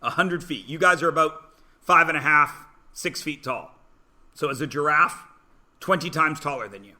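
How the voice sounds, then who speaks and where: A bright, fairly high-pitched man teaching a math lesson in a classroom. He talks casually, cracks jokes at his own expense, and keeps nudging quiet students to take a guess. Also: moderate pace. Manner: joking, self-deprecating, prodding students to guess. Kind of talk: classroom lecture.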